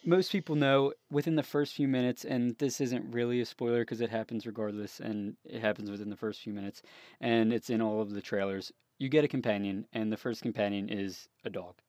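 A man's voice: lowish voice, fairly even intonation, brisk, darkish tone, no room sound. Chatty young man, dry close sound. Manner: rambling, laughs often, restarts a lot. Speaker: podcast co-host. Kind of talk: casual chat.

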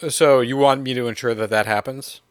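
A man's voice: mid-range voice, fairly even intonation, a little fast, clear, resonant tone, dry recording, studio quality. A man co-hosting a podcast in casual chat, trading playful, teasing banter. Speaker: podcast co-host.

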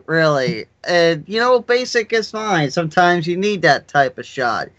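A man co-hosting a casual podcast chat, talking in a profane, ranting way that bursts into mock shouts. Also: fairly high pitch, big pitch swings, unhurried, hardly any pauses, highs cut off. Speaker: podcast co-host.

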